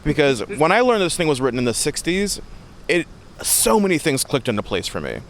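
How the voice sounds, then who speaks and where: A man guesting on a podcast, reviewing a film in lively, expressive casual chat with frequent laughs. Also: a little high, a little fast, a little hiss or hum.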